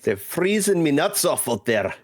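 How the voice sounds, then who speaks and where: A man's voice: fairly high pitch, sing-song, moderate pace, dry recording, clean studio sound. A man co-hosting a live stream, joking and teasing in casual chat. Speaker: co-host.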